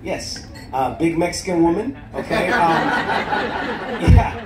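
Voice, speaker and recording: A man's voice: fairly high pitch, lively intonation, slow, heavy background noise. A male stand-up comedian doing profane, teasing crowd work on a cruise ship stage, laughing often at his own jokes. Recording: echoey room, loud crowd laughter. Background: audience laughter.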